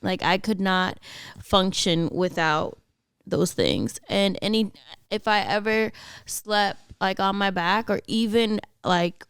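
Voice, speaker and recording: A woman co-hosting a podcast, frank and animated in casual chat, laughing as she talks. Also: mid-range voice, slow, clear, resonant tone, no echo, clean studio sound. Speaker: podcast co-host.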